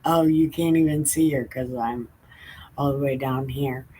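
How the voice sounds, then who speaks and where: A woman's voice: a bass voice, steady tone, unhurried, warm tone, slight background noise, rough recording. A woman hosting a casual home livestream, reading scripture aloud in a laid-back, irreverent way with laughs and casual swearing. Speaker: livestream host reading the Bible.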